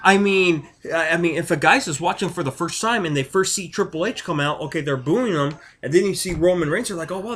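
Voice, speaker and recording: A man ranting in a vlog, his voice pitched a little high. He rambles hotly, piling emphasis on emphasis, with the odd curse thrown in. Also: a bit bright. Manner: heated, rambling, profane, emphatic. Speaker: wrestling vlogger.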